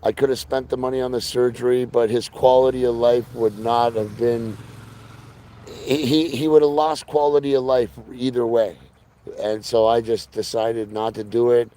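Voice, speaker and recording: Guy live streaming outside with his dog, mellow voice, talks to chat by name. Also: mid-range voice, flat delivery, moderate pace. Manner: earnest, talks to viewers by name.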